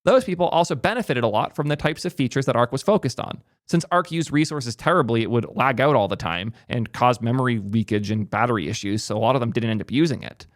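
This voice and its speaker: A man's voice: mid-range voice, lively intonation, no echo, clean studio sound. A young man hosting a tech channel, giving opinionated, emphatic commentary in a ranting style. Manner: emphatic, ranting, rapid asides. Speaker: tech YouTuber host.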